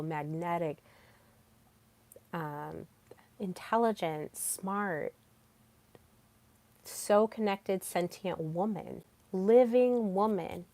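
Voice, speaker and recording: A woman's voice: fairly low pitch, a little mellow. A woman voicing her male AI companion, speaking in a soothing, affirming way. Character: gentle reassuring AI companion, male.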